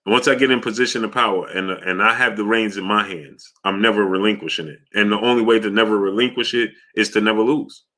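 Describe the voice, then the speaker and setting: A deep-voiced man runs a casual live stream, calling out viewers by name and reading their comments aloud. His tone is bright and punchy. He keeps pushing people to hit the like button. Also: fairly even intonation, quick pace, hardly any pauses. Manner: shouts out viewers by name, asks for likes.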